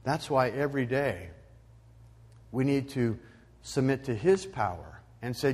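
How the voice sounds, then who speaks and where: Male pastor, sermon, emphatic preaching, loud rising peaks, long church reverb. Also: mid-range voice, animated, unhurried, long pauses, breathy edge.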